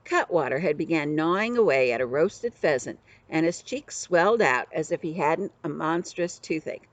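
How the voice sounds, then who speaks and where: An older woman, a grandmother, reading a children's book aloud with expressive storytelling. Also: low voice, moderate pace, hardly any pauses, no room sound, dull audio.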